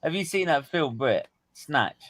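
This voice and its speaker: Host with a London accent, chatty and profane, tells stories with lots of laughter. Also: male voice, a little high, unhurried. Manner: laughing, swearing, animated storytelling. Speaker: stream host. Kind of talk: casual live watchalong chat.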